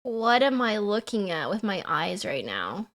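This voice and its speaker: A woman's voice: mid-range voice, big pitch swings, measured pace, fairly bright tone. A woman from Canada, giving playful live-stream reaction commentary and teasing her chat.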